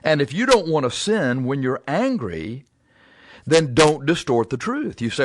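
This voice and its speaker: A man preaching a sermon in a plain, conversational way, pausing and repeating himself as he works through his points. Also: mid-range voice, very animated, no echo. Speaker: pastor.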